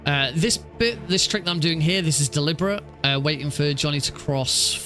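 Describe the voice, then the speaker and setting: A man's voice: fairly high pitch, fairly quick, bright, forceful tone, faint music behind. A young man streaming a speedrun, explaining tricks in a rambling way with many fillers and restarts. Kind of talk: live stream game commentary.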